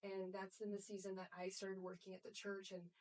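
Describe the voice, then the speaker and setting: A woman's voice: mid-range voice, monotone, a little fast, a little mellow. Reflective middle-aged woman from Russia, distant mic. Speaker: guest mentor. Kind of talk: testimony in conversation. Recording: distant mic, faulty audio.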